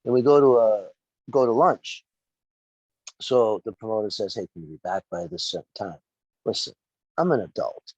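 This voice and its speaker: A middle-aged man in casual podcast chat, telling a story with lively acted-out quotes and plenty of swearing. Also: fairly low pitch, moderate pace, pauses often, slightly rough, no room sound, lo-fi sound. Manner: animated storyteller, acts out quotes, profane. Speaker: wrestling referee and podcast guest.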